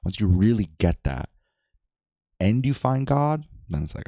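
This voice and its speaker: Man, podcast co-host, very low voice, dark mellow tone, casual reflective chat. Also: very animated, unhurried, no room sound, studio quality. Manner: reflective, loose, many fillers and restarts.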